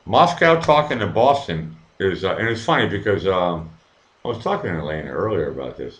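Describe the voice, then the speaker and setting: A man's voice: low voice, very animated, brisk, a bit bright, a little hiss or hum. A man hosting his own live stream, reading the chat and ranting at viewers with lots of swearing. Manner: profane, heated, talks straight to viewers. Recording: echoey room.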